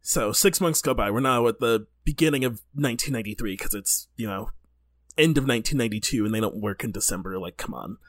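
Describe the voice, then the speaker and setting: A man co-hosting a comedy podcast, retelling a story in casual chat, joking and laughing, slipping into quick silly voices. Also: medium pitch, no echo, clean studio sound. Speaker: podcast co-host.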